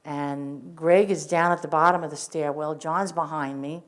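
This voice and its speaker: An older woman recounts her own experience as spoken testimony. Her voice sits a little low for a woman. She tells it earnestly and vividly and often restarts her sentences as she goes. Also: fairly even intonation, moderate pace. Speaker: witness sharing testimony. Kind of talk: first-person spoken testimony.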